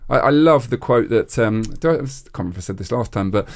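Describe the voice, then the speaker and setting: Fast-talking enthusiastic male life coach. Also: mid-range voice, animated. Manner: enthusiastic, passionate, motivational. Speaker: podcast co-host, life coach. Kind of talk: casual podcast conversation.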